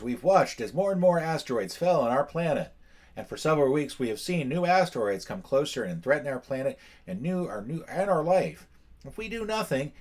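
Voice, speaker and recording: A man's voice: on the high side, pitched above the performer's own voice. A man reading out a solemn official message urging humanity to the moon, in a dramatic, raised voice. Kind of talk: reading a campaign book aloud.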